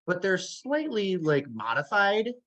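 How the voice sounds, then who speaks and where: A man's voice: high voice, huge pitch swings, measured pace, fairly bright tone, highs cut off. A man co-hosting a casual film review chat, talkative, with many "like"s. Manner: talkative, laughs easily, many "like"s. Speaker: co-host.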